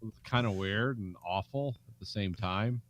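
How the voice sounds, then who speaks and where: A man's voice: lowish voice, moderate pace, fairly bright tone, dry recording. A man co-hosting a podcast in casual chat, riffing sarcastically and acting out mock quotes. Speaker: podcast co-host. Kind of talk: casual film discussion.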